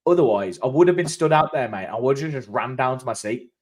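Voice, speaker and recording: A man co-hosting a football fan chat, telling stories in an animated way. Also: mid-range voice, quick pace. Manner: animated storytelling, restarts, laughs often. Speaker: football fan channel co-host. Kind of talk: casual chat.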